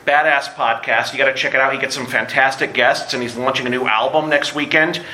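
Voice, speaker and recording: A man hosting a live podcast at a convention, joking and plugging shows quickly with casual profanity. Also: medium pitch, fairly even intonation, sharp tone. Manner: joking, rapid plugs with profanity. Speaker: podcast host. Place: convention room with audience. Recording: live room recording with background noise.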